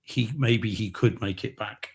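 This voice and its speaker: Husky guy cohosting, rambles, lots of ums and repeats. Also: on the low side, measured pace. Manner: rambling, hesitant, repeats words. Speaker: podcast co-host. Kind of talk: casual chat.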